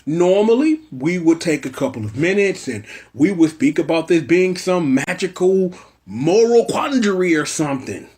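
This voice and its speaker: A man's voice: high voice, big pitch swings, moderate pace, a little mellow. A man hosting a casual, brash and slangy episode review, riffing at length. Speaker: show reviewer host.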